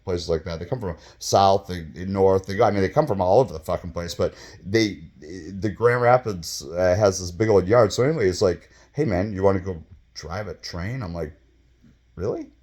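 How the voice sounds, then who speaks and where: A man in his fifties telling a casual story, rambling and profane, with many fillers and sudden bursts of excitement. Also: deep voice. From Michigan, US. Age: 50s. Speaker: vlogger telling his own stories.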